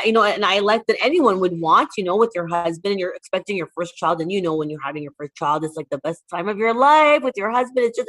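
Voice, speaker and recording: A woman from Toronto who runs a charity, talking casually in an interview, animated and full of fillers. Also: medium pitch. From Toronto, Canada. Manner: animated, fillers of "like", acts out quotes. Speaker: charity founder.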